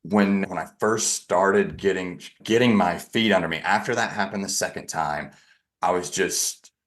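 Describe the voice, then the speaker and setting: Deep-voiced man telling a hard story. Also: fairly bright tone. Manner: halting, with frequent restarts and self-corrections; frank and self-deprecating. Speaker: podcast guest. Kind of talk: candid personal storytelling.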